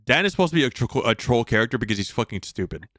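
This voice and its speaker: A man's voice: medium pitch, big pitch swings, very fast, fairly bright tone, dry recording, studio quality. A man co-hosting a podcast, giving his opinions in casual chat with lots of fillers. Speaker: podcast co-host.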